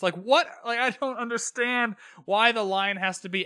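A man's voice: sits high, moderate pace, hardly any pauses, bright, forceful tone, clean tone, no echo, studio quality. A young man hosting a podcast, recapping a TV episode in casual, sarcastic commentary and swearing freely. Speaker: podcast host. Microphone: own podcast microphone.

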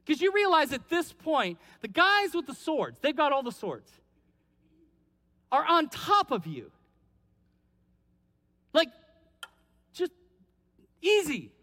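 Male pastor, animated storyteller, high bright voice, long hall reverb. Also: slow, pauses often. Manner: animated storytelling, acting out biblical characters. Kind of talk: sermon.

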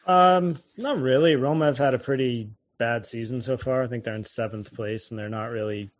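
A man's voice: medium pitch, moderate pace, no echo. A man chats casually about football in a plain, agreeable tone. His voice is recorded dry and close, with no room sound around it. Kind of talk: casual sports chat.

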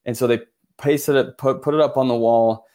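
A man's voice: mid-range voice, fairly even intonation, moderate pace, dark tone. A man from Utah, a photographer guest in an interview, telling his story earnestly with many restarts and filler words.

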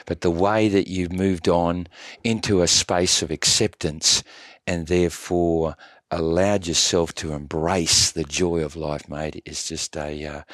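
A man's voice: low voice, dry recording, clean studio sound. A man with an Australian accent hosting a podcast, chatty and effusive, calling his guest mate. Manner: matey, effusive, says mate a lot. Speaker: podcast host. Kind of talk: casual interview chat.

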